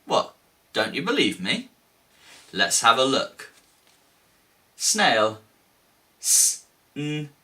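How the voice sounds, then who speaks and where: A man's voice: mid-range voice, slow pace, long pauses. A man teaching a children's phonics lesson, sounding out letters with big gasps. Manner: animated, exaggerated gasps and sing-song letter sounds.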